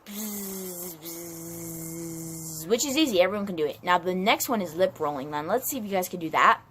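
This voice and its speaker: A woman's voice: on the low side, lively intonation, fast, background noise. A woman acting as a Spanish teacher in a playful home video, chatty and full of fillers, repeating herself often.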